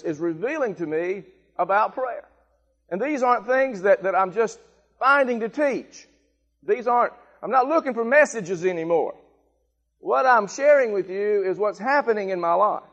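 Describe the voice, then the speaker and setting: A male pastor with a fairly high voice preaches an emphatic sermon. He repeats his points and swells into shouted calls for the congregation to repeat after him. The sound carries the long reverb of a church hall. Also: muffled recording. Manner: emphatic, rising to shouted call-and-response. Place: church sanctuary.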